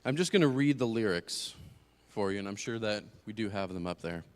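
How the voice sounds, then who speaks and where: A young man giving a personal testimony as a church speaker, moving between hushed and emphatic storytelling. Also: on the low side, expressive, a little fast. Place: church sanctuary. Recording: long hall reverb.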